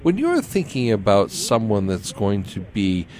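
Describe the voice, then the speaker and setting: A man hosting a radio interview, relaxed and easy to laugh, asking thoughtful questions. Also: lowish voice, measured pace. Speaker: radio host.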